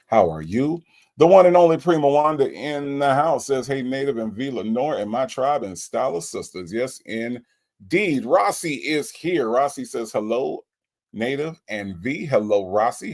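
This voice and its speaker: A man hosting a casual livestream, greeting viewers by name and reading their comments in a playful, teasing way. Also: mid-range voice. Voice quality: lively, playful, teasing delivery. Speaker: livestream host.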